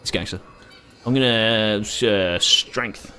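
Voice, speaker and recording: A man's voice: on the low side, takes it slowly, sharp tone, faint music behind. A young man chatting casually and rambling while playing a game, swearing freely. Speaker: gaming streamer. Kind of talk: casual gameplay commentary.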